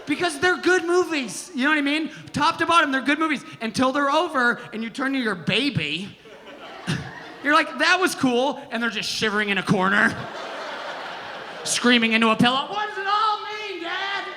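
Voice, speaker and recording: A man doing a brash, profane stand-up comedy set on a theater stage, shouting his punchlines. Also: very high-pitched, expressive, normal speed, crowd noise. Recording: live theater with reverb and audience noise.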